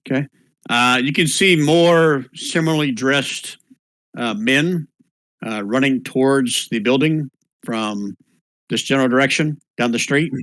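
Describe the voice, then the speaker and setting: A man narrating as game master for an online tabletop game, in a relaxed, low-key way with fillers. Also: measured pace, no echo.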